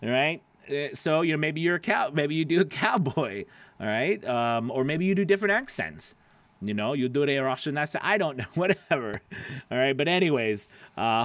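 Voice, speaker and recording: A man's voice: mid-range voice, expressive, normal speed, fairly bright tone, no room sound. A man, a voice actor, hosting a casual live stream, rambling with lots of fillers and restarts while answering viewer comments by name.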